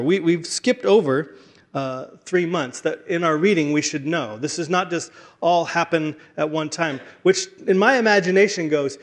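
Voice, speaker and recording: A man preaching a sermon in a conversational way, with frequent fillers and restarts. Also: a little high.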